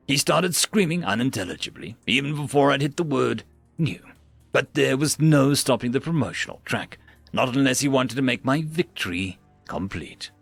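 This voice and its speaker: A man narrating a sci-fi story in a wry, animated way. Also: medium pitch, measured pace, vocal fry, slightly rough, no room sound, faint music behind.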